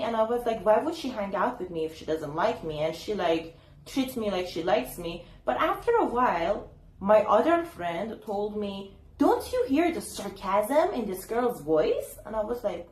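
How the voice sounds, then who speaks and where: A young YouTuber chats casually to camera in an advice vlog, using many fillers and acting out what people said to her. Her voice is slightly high, and the audio is poor with a roomy sound.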